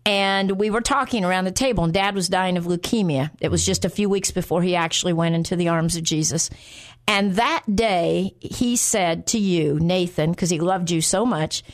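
A woman hosting a Christian radio talk show, telling personal stories earnestly and slowing down on key words. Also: fairly low pitch. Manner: earnest, slows down for emphasis.

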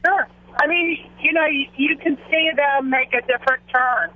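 A woman calling in to a Christian radio show, talking about her work with sick newborns in a halting, hesitant way. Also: high-pitched. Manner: hesitant, halting, repeats "you know". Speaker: caller, neonatal hospital worker. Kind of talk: call-in radio conversation. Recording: tinny phone line.

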